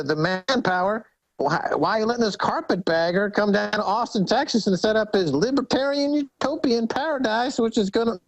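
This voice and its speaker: A man's voice: high voice, gravelly, rough recording. A man as a guest commentator on a talk show, ranting with mocking sarcasm and many restarts.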